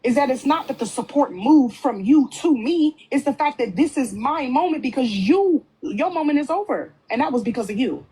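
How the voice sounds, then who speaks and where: A woman's voice: fairly high pitch, a little mellow, slightly rough. A woman speaking on a livestream panel, blunt and heavily profane as she confronts another member. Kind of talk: heated livestream argument.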